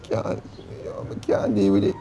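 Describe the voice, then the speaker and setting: An actor with a Jamaican accent playing a remorseful boyfriend who pleads dramatically to be taken back. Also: male voice, normal speed, mellow, slight background noise, lightly acted. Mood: pleading. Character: pleading remorseful boyfriend begging to come home. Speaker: actor in comedy sketch. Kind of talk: comedy sketch acting, phone call.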